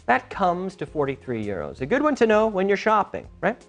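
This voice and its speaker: An energetic man hosts a game show and teaches English with a lively, up-and-down voice. He is teacherly and drills the contestants. Faint music plays behind him. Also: sits high, a little fast, few pauses. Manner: energetic, teacherly, stresses intonation.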